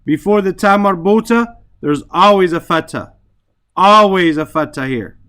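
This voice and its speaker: A man's voice: sits high, lively intonation, unhurried, bright, forceful tone. A man teaching an Arabic and Quran class, explaining grammar patiently, often checking with "right?", reciting verses and then translating them.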